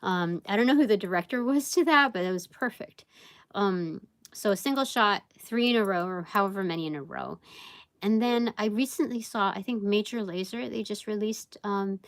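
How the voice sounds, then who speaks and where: Rambling woman reading tarot, gravelly. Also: medium pitch, no echo. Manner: rambling, filler-heavy, thinks aloud. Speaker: tarot reader. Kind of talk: casual live tarot reading.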